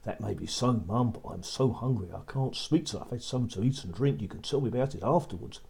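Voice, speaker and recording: A man's voice: mid-range voice, quick pace, a little mellow, close to an everyday voice. A man voicing a bold, cheeky boy in a children's story, talking cheerily and politely. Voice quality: husky. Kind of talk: storybook reading.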